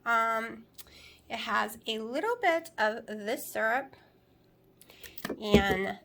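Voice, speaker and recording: A woman's voice: fairly high pitch, lively intonation, extremely slow, creaky, very noisy. A woman, chatting casually to camera as a vlogger, rambling with many fillers and asides.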